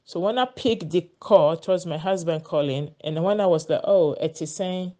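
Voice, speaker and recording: A woman's voice: fairly low pitch, moderate pace, darkish tone. Earnest woman telling a story. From Ghana. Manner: earnest, repeats words while searching for them. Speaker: vlogger sharing a personal story. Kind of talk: casual storytelling monologue.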